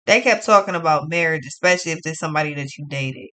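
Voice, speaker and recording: A woman's voice: low voice, fast talker, pushed and bright. A woman giving a casual tarot reading, talking in a blunt, profane, ranting way. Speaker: tarot card reader.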